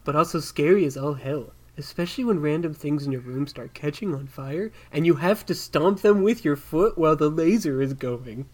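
A man's voice: on the high side, animated, normal speed, few pauses. A man co-hosting a comedy podcast, reading forum posts aloud with a self-mocking manner and exasperated bursts.

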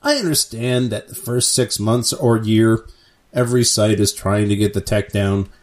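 A man's voice: fairly low pitch, moderate pace. A man co-hosting a comedy podcast, reading a post aloud with stammered restarts. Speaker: podcast co-host reading reddit posts aloud.

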